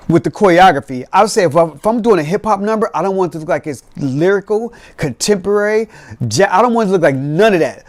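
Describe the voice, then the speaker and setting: A man hosting a podcast, telling lively, streetwise stories and acting out beats with his mouth. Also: high-pitched, dry recording. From Cincinnati. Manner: animated, streetwise storytelling with sound effects. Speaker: podcast host. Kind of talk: storytelling.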